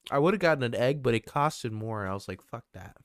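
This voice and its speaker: A young man in his twenties co-hosting a casual podcast. He rambles loosely, restarts his sentences and swears offhandedly. His voice sits at an ordinary middle pitch, recorded dry and close with no room sound. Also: expressive, brisk, clear, resonant tone, no room sound. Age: 20s. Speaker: podcast co-host.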